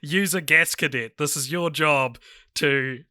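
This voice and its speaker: A man's voice: on the high side, unhurried, bright, forceful tone, dry recording, clean studio sound. A man co-hosting a podcast in casual chat, laughing easily and trailing off mid-sentence. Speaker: podcast co-host.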